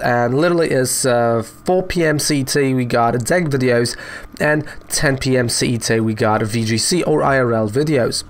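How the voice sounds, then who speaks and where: Casual game streamer, man, medium pitch, chatty and self-joking. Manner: chatty, peppers talk with "right?" and "you know"; joking, self-mocking asides. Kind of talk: casual gameplay commentary.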